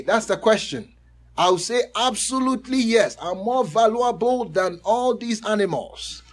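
A man preaching a sermon, reading scripture aloud slowly and emphatically and often chuckling between points. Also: high voice, animated.

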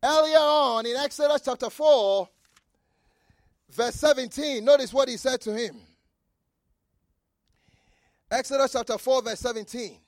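A man preaching a fervent sermon, repeating phrases, shouting key lines and reading scripture aloud. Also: extremely high pitch, normal speed, no echo, clean studio sound. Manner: reads scripture aloud and comments with asides.

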